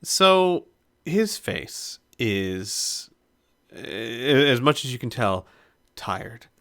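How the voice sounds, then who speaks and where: A man running a tabletop game, narrating slowly with many pauses and fillers. His tone is bright and his pitch sits in the middle. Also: very animated. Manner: hesitant, full of fillers. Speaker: game master.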